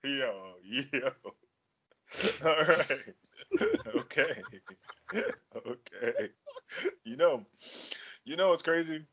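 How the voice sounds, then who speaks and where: A man hosting a podcast in casual chat, talking in a profane, slangy, animated way. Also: fairly high pitch, drawn-out words, gravelly, pauses often, slightly rough, lo-fi sound. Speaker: podcast host.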